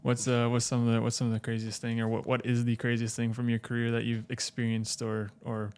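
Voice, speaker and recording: Flat-voiced podcast host man. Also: mid-range voice, fairly quick. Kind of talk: casual chat with ad read.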